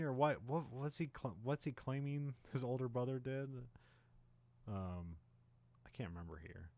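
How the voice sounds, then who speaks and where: A man co-hosting a podcast, casually recapping a film plot with many fillers and quick acted-out character lines. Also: medium pitch, no echo. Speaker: podcast co-host. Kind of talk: casual movie recap chat.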